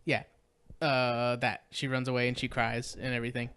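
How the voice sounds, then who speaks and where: A man co-hosting a podcast, casually retelling a movie plot in a rambling, animated way with fillers and quoted voices. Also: medium pitch, normal speed, clear, resonant tone. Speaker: podcast co-host. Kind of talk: casual movie recap chat.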